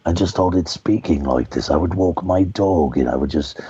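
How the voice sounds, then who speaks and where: Man doing a very low, raspy dark British narrator, gravelly, dull lo-fi sound. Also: normal speed, dry recording. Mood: gruff. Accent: put-on British. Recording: dull lo-fi podcast audio.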